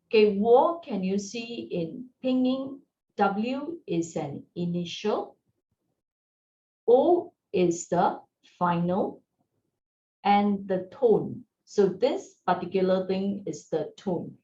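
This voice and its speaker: A woman teaching a beginners' Mandarin lesson, gentle and encouraging, often checking in with her learners. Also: medium pitch, lively intonation, takes it slowly. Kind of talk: slow, patient language lesson. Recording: roomy, distant, dull sound with faint hiss.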